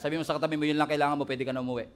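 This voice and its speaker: High-voiced Filipino pastor preaching. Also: male voice, little pitch movement, rapid-fire, some chatter behind, a little hiss or hum. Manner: playful, jokes and calls the congregation to repeat words. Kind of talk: sermon. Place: church stage before a congregation.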